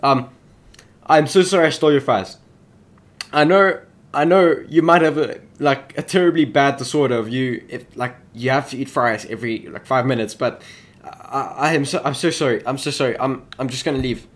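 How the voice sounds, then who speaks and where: A man's voice: mid-range voice, moderate pace. Jittery young man narrating a horror game. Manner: jittery, talks to the game, yelps in panic. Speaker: gaming YouTuber.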